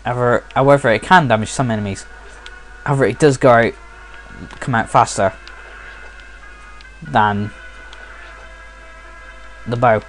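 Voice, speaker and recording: A man talks through his game play in a relaxed, rambling way, sounding sleepy and often restarting his sentences. His voice sits at an ordinary middle pitch. Soft game music plays quietly underneath. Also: measured pace, long pauses. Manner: rambling, frequently restarting and correcting himself. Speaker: let's play commentator. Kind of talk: casual game commentary.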